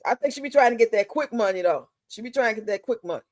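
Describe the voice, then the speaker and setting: A woman's voice: on the high side, expressive, quick pace, no room sound. A woman hosting a live stream, chatting casually in a blunt, profane, drawling way.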